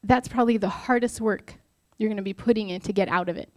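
This church speaker, a young adult woman with a medium-pitched, slightly mellow voice, talks fast. Her devotional talk is informal and chatty, weaving stories from her life with rhetorical questions, recorded without room sound.

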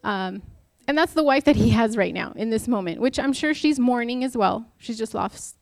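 A woman's voice: fairly high pitch, animated, normal speed, vocal fry, a little mellow, no echo. A married woman giving a casual devotional talk, chatty and self-deprecating, acting out the lines she quotes. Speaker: Bible study speaker.

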